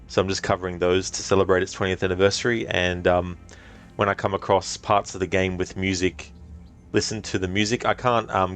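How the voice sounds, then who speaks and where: A man casually commenting on a game he is streaming, relaxed and answering chat with many ums. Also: low-pitched. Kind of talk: casual let's-play commentary.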